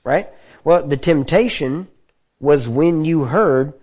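A man preaching a sermon in a conversational teaching manner, often checking in with his listeners and clearing his throat. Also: on the high side, expressive, measured pace, darkish tone. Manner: conversational teaching with frequent check-ins to the audience.

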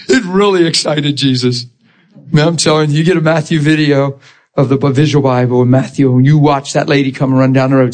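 A man's voice: fairly high pitch, fairly even intonation, a little fast, darkish tone. A man preaching a sermon, emotional and vivid, acting out scripture scenes and laughing often.

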